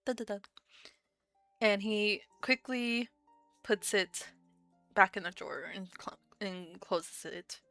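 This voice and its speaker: A woman's voice: mid-range voice, slow pace, pauses often, pushed and bright, no echo, soft background music. A woman narrating a tabletop role-playing game as game master in a casual, chatty way.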